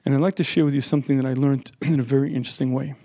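A man giving an earnest, emphatic Torah lecture who keeps clearing his throat. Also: mid-range voice, steady tone, racing, mellow, no echo. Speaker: religious lecturer.

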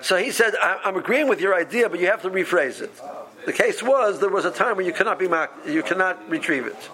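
A man teaching a Talmud study session, explaining the text with animated quoting and frequent restarts. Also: high voice, fairly quick. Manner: animated, acts out the rabbis' voices, many restarts.

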